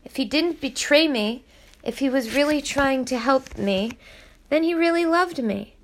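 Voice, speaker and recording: A woman's voice: sits high, a little slow, pitched above the performer's own voice. A woman reading aloud voices a desperate teenage girl who pleads breathlessly and urgently. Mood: emotional.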